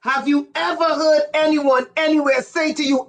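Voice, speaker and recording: A woman giving an impassioned livestream monologue, emphatic and profane, with sudden bursts of shouting. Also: high voice, steady tone, normal speed, rough recording. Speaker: livestream speaker.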